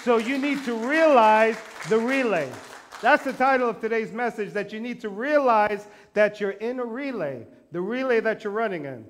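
A male pastor preaches with lively, self-mocking humor and quick acted-out asides. His voice sits high for a man. He builds to emphatic, repeated declarations. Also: some chatter behind, slight background noise. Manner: animated, self-deprecating humor, acts out quotes. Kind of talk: sermon.

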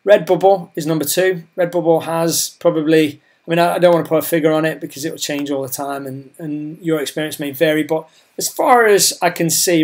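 A man talking casually about his online business plans, rambling and repeating himself as his voice starts to give out. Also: on the high side. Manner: rambling, chatty, repeats words and restarts. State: losing his voice. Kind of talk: casual talk to camera.

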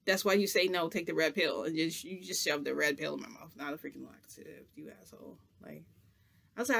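A man with a high voice tells a story in a loose, casual vlog style. He rambles, restarts sentences and laughs as he goes, with an animated delivery. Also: a little fast, gravelly. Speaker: vlogger.

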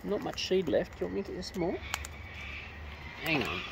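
In a noisy outdoor recording full of bird calls, a woman feeds wild cockatoos and jokingly chatters to them in baby talk. Her voice is fairly low and creaky, sing-song in its intonation, and a little fast.

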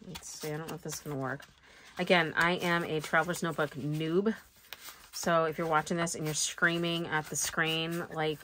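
Woman, low voice, chatty and self-mocking, talking to herself while crafting, hiss in the recording. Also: fairly even intonation, moderate pace, pushed and bright. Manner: chatty, self-deprecating, thinks aloud. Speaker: planner vlogger. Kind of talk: rambling casual chat while crafting.

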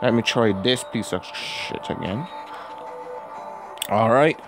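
A man hosting a gaming video who has a cold, giving casual gameplay commentary and yelling and groaning at the game. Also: mid-range voice, takes it slowly, music in the background. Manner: excitable, yells and groans at the game. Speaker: gaming channel host.

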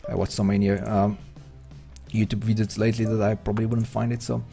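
Slovenian guy rambling thru his poker stream, kinda gravelly voice, little music in the back. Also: fairly low pitch, little pitch movement, fairly quick, mellow. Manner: rambling, hesitant, chatty. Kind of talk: live-stream commentary while playing.

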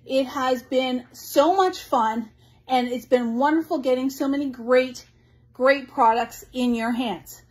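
A middle-aged woman who owns a craft store, hosting a casual live stream, chatty and effusive as she reads viewer comments aloud. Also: sits high. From Canada.

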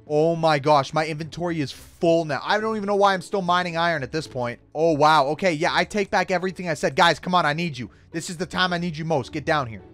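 A young man hosting a Minecraft let's-play, excitable, gasping and shouting at surprises. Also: a little high, fast talker, few pauses. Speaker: gaming YouTuber host. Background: faint background music.

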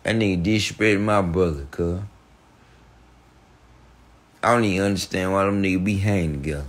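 A man's voice: low-pitched, moderate pace. Guy ranting about someone on a podcast, swears a lot, keeps repeating himself. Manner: profane, repetitive, animated outbursts. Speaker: podcast guest. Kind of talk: heated storytelling rant.

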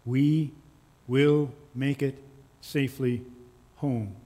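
A male pastor preaching in a church, slow and earnest, with lines that trail off softly. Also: medium pitch, steady tone. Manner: slow, earnest storytelling with soft, quiet endings. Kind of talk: sermon. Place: church sanctuary. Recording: long church reverb.

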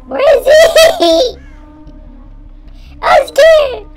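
A squeaky chipmunk gamer. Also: male voice, extremely slow, faint music behind, heavily acted. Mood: panicky yelping. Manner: panicky, excitable, slangy banter. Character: squeaky chipmunk gamer boy, jittery and jokey. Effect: pitch-raised chipmunk voice. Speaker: gaming commentator. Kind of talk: let's-play commentary.

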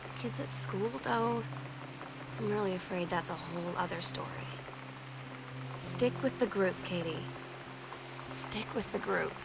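A woman voicing a teenage girl who confides in her older sister in a narrated game audio diary, quiet and hesitant. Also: medium pitch, measured pace, long pauses, very noisy, lightly acted. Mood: confiding. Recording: game audio over music.

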